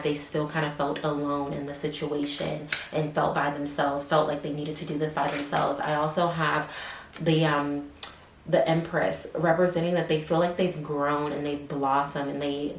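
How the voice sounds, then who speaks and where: A woman doing a casual tarot reading, rambling with many fillers and softly murmuring questions to spirit between cards. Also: low voice. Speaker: tarot reader. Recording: roomy echo, faint background hiss.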